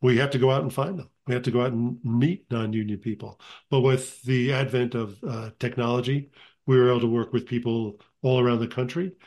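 A man's voice: mid-range voice, steady tone, brisk, a little mellow. A man who works in production, a guest on a podcast, explaining things plainly. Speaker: production company head, guest. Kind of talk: casual interview chat.

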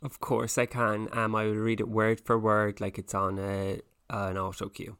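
A man's voice: on the low side, monotone, creaky, a bit bright, smooth, no echo. Playful man, dry close sound. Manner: playful, jokey, reads aloud haltingly. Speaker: podcast co-host. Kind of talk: casual chat.

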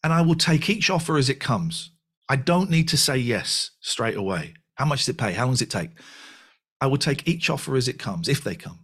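A man's voice: medium pitch, brisk, husky. Candid man in his fifties. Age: 50s. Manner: animated, frequent restarts and repetition. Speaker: podcast guest. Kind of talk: candid conversational reflection.

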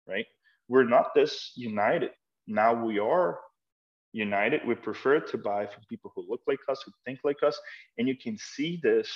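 Emphatic male start-up founder, persuasive. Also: lowish voice. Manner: emphatic, persuasive storytelling with rhetorical questions. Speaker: start-up co-founder and executive, interview guest. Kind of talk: conversational interview. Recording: slightly muffled, lo-fi podcast audio.

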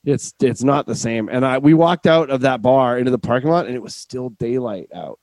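A young man, a comedian, telling a rambling story in casual chat, full of swearing and quick restarts. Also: medium pitch, no room sound, rough recording. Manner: rambling, animated, swearing, quick self-interruptions. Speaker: comedian guest.

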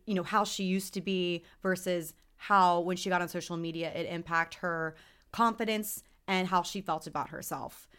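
Earnest woman co-host, a little low. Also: a bit bright, clean tone. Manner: earnest, emotional, rambling with fillers. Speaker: podcast co-host. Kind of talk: casual chat.

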